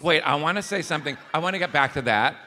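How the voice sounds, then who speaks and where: A man's voice: on the high side, lively intonation, quick pace, bright, forceful tone. A man hosting a casual interview, telling stories animatedly, laughing often and swearing. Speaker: podcast host.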